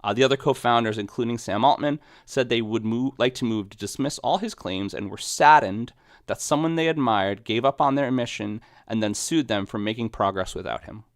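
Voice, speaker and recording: A man's voice: mid-range voice, fairly quick, no echo, studio quality. A man co-hosting a podcast in casual chat, rambling with restarts and laughing often. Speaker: podcast co-host. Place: podcast studio.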